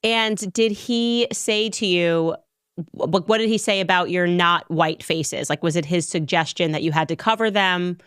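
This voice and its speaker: A woman's voice: on the low side, unhurried, fairly bright tone, clean tone, no echo, clean studio sound. Sarcastic woman interviewer. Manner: sarcastic, mocking, laughs often. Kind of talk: casual interview.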